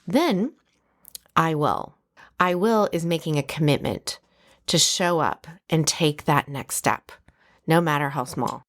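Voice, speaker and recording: A woman speaking on a podcast as a heart healer, explaining ideas in a calm, measured way. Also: sits low. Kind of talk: conversational podcast teaching.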